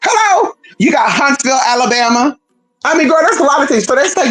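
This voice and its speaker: A woman's voice: high voice, lively intonation, brisk, fairly bright tone, rough recording. A woman talking to her stream in a casual, profane, rambling rant, calling her listeners "girl" and asking "hello?". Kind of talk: casual ranting monologue.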